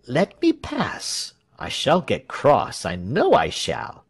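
A man's voice: medium pitch, huge pitch swings, slightly rough, full character voice. A man voicing a dignified, polite archer and father. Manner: polite, measured.

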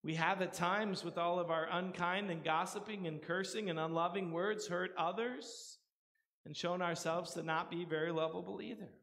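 A man preaching a sermon as pastor, earnest, rising for emphasis and dropping to a hush. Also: high voice, fairly even intonation, moderate pace. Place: church sanctuary. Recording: long church reverb.

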